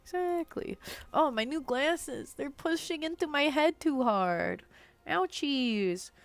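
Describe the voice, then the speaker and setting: A woman's voice: high-pitched, expressive, takes it slowly. A young adult woman chatting casually while streaming a game, rambling on and filling her speech with "like.". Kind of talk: casual live-stream chat while gaming.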